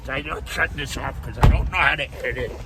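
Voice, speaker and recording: A man's voice: mid-range voice, quick pace, very noisy. An older man rambling and swearing in a casual monologue, laughing to himself as he talks in his car. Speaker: vlogger.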